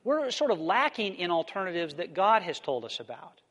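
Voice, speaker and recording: A man giving a theology lecture and answering questions, explaining in a thoughtful, measured way. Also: high-pitched, very animated, a bit bright, long reverb tail.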